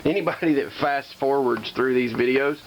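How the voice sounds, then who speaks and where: A man at a mid pitch chatting casually to viewers as he works on a machine. He keeps talking himself down with singsong repeated reassurances and pokes fun at his own mistakes. A faint background noise sits under the voice. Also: moderate pace, lo-fi sound. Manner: talks himself down, repeating calming phrases in a singsong way; self-deprecating, chatty with viewers. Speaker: hobbyist restoring a slot machine.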